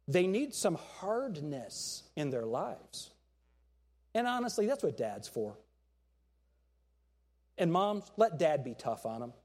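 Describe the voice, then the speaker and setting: Middle-aged male pastor, lively sermon delivery, voice sits high and swings widely, acts out quotes. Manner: animated preaching with acted-out quotes and jokes.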